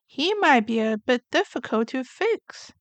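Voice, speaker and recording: A woman voicing a kind, jolly father pig with gentle, fatherly storybook delivery. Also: high voice, sing-song, measured pace, dry recording.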